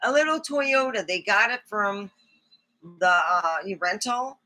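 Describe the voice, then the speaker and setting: A woman hosting a live stream, telling casual stories in a blunt, profane, animated way. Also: medium pitch, slow pace. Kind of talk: casual storytelling monologue. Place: small home studio.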